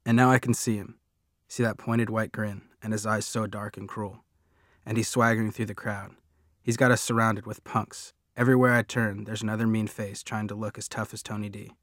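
A man narrating a first-person audiobook in a steady, plain storytelling manner. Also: on the low side, normal speed, no echo, clean studio sound.

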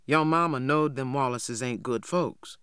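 A man voicing a large, stern, quiet older farmhand who speaks slowly and low, as a storybook reader. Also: clear, resonant tone, dry recording, clean studio sound, lightly acted. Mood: stern calm. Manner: slow, low and measured.

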